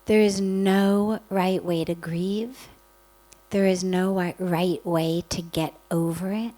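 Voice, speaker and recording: Slow, gentle woman giving a spiritual talk. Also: fairly low pitch, little pitch movement, rough recording. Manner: slow, gentle, reflective delivery with pauses. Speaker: spiritual teacher.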